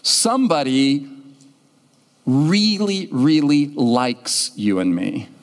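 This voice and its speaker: A man preaching a sermon as pastor, telling a story in an animated way and acting out the people in it. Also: fairly high pitch, takes it slowly. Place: church sanctuary. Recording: long church-hall reverb.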